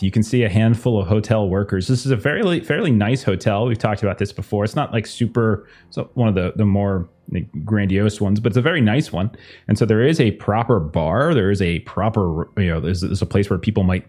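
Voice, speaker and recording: A man's voice: on the low side, a little mellow. A man narrating as game master in a tabletop game, in a loose, conversational way with many fillers.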